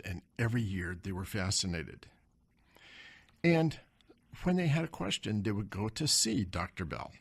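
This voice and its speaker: A man's voice: medium pitch, gravelly, husky. A man hosting a radio show, telling a story in a conversational, self-deprecating way from a radio studio. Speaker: radio show host and financial adviser.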